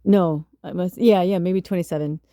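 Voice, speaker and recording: On her podcast, a Midwestern spiritual medium from suburban Chicago delivers a casual storytelling monologue that wanders, swears freely, and is packed with fillers and laughter. Her voice is lowish and dark, with fairly even intonation at a normal speed, recorded cleanly in a studio with no echo.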